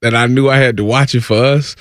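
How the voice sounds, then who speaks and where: A man's voice: medium pitch, fairly even intonation, fast talker, a bit bright, no echo, clean studio sound. A man co-hosting a casual sports talk show, reading out a news item and reacting with short remarks. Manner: reads news aloud, chimes in with short reactions. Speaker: podcast co-host.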